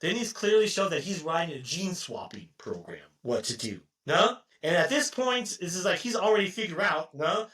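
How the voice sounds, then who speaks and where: A man with a rather high, bright and forceful voice chats casually as a podcast co-host. He rambles through a film plot, swears freely and keeps ending phrases with a questioning "no?". His voice sounds a bit distant from the microphone. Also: sing-song, normal speed, few pauses. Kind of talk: casual chat retelling a film. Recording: voice distant from the mic.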